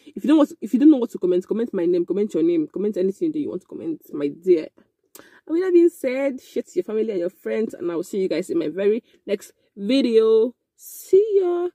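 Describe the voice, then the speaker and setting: A young woman telling a casual storytime, animated and excitable, with frequent exclamations. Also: medium pitch, fast talker, no room sound. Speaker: vlogger.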